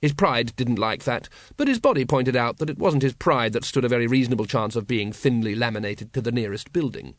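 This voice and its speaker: A man narrating an audiobook in a measured, wry storytelling manner. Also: mid-range voice, expressive, no room sound.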